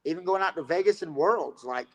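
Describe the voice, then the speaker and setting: A man's voice: on the high side, animated, a little fast, fairly bright tone, low-quality recording. A man telling a rambling, profane story about fighting and coaching in a casual interview.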